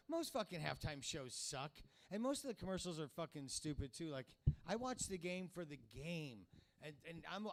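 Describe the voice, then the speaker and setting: Rambling profane man in his fifties. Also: fairly high pitch. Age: 50s. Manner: rambling, profane, conversational crowd work. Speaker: comedy show host. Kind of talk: stand-up comedy hosting. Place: comedy club stage.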